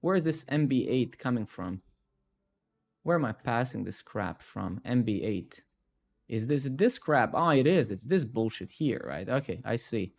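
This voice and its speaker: A man's voice: medium pitch, lively intonation, measured pace, vocal fry, darkish tone. A man hosting a live coding stream, talking casually in a rambling, sarcastic and profane way with lots of self-mockery.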